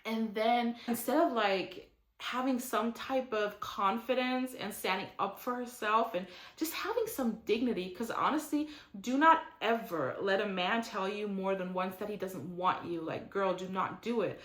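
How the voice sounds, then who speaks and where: A woman's voice: mid-range voice, unhurried, fairly bright tone, echoey room. A young woman giving a casual recap of a reality show. She talks in a chatty, opinionated way, says "like" constantly and mocks the people she describes. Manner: chatty and opinionated, heavy use of "like", mocking quotes in character.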